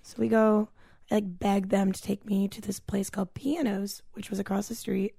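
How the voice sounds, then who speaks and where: A woman's voice: mid-range voice, normal speed, gravelly, breathy edge, no echo, studio quality. A young woman co-hosting a podcast, telling a night-out story bluntly with plenty of swearing. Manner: blunt, swears freely, animated retelling. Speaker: podcast co-host. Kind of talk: casual chat, storytelling.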